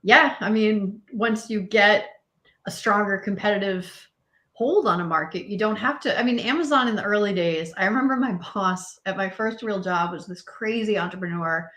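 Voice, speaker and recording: A woman talking on a casual panel, an animated storyteller with lively asides. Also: medium pitch, moderate pace. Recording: echoey room.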